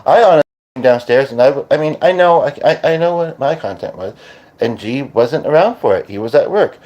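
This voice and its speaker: A Canadian man hosting a podcast as a medium, talking casually and haltingly with many restarts. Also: medium pitch, lively intonation, darkish tone, highs cut off. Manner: hesitant, full of restarts and fillers. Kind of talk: casual channeling monologue.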